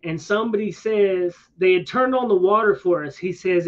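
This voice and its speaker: Man, high-pitched voice, rambling casual storyteller, slangy asides, muffled lo-fi audio. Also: moderate pace, hardly any pauses. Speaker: streamer. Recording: dull lo-fi sound.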